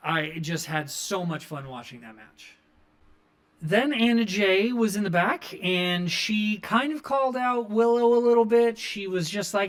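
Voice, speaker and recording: A man's voice: sits high, expressive, unhurried. A man hosting a wrestling review show, recapping matches in a rambling, enthusiastic way full of fillers. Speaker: wrestling review podcast host. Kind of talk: casual recap commentary.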